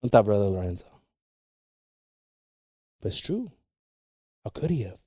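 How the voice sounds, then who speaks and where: A man preaching a bilingual sermon with passion, dropping to hushed whispers and rising to shouts. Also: on the low side, sing-song, unhurried, slightly rough, dry recording, clean studio sound.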